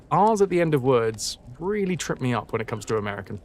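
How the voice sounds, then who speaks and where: A man's voice: medium pitch, big pitch swings, fast talker, darkish tone, slight background noise. A British man streaming live, reading a story aloud, stopping to repeat and fix words and swearing at himself. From Britain. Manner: self-correcting, swears, repeats words to practise them.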